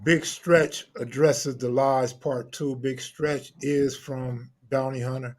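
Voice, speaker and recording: A man's voice: mid-range voice, fairly even intonation, slow. Laid-back man hosting a live stream. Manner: laid-back, reads out shout-outs. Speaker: host.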